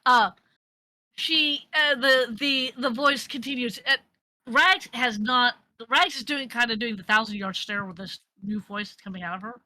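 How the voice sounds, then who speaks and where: A woman narrating as game master of a tabletop game, animated and often laughing. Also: fairly high pitch, normal speed, dry recording. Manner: animated, laughing often, with frequent fillers and restarts.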